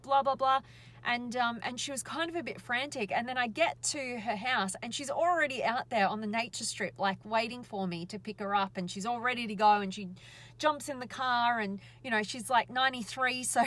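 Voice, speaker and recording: A woman's voice: medium pitch, fairly bright tone. A woman, a speaker and life coach, telling a story in a casual, rambling way with many fillers, talking live into a phone from a parked car. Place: inside a parked car by the road.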